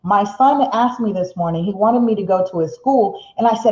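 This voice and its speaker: Seated in an indoor room, this middle-aged woman runs a live motivational stream in a medium-pitched voice. Her pace quickens with excitement and eases when she drives a point home, and she laughs a lot while reading out viewer comments. The sound is somewhat dull and roomy.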